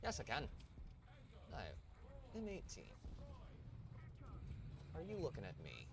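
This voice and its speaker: Male gamer host, casual commentary, game sounds clearly underneath. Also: medium pitch, wildly swooping pitch, a little fast, background noise. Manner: chatty, jokey asides to chat. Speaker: streamer. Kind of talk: live gameplay commentary.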